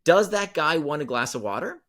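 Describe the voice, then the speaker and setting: Animated, emphatic male podcast guest. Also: on the high side, normal speed. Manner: emphatic, repeats key phrases for effect. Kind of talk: animated storytelling explanation.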